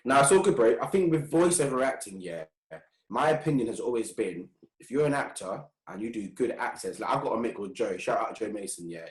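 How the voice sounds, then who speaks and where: Young man, mid-pitched, relaxed, slangy, roomy echo. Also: fairly quick. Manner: relaxed, slangy, laughs easily. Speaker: podcast co-host. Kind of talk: casual chat.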